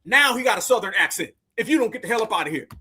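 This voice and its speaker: A man's voice: high-pitched, animated, rapid-fire, pushed and bright, husky. A man reacting to news clips in heated, slang-heavy commentary, mocking and scolding as he talks.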